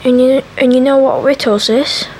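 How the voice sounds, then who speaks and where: A woman voicing a fierce, gruff male convict in a soft whispered role-play reading. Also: sits high, steady tone, normal speed, a little hiss or hum, close to an everyday voice, low-quality recording. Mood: threatening. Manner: attempts a rough regional accent.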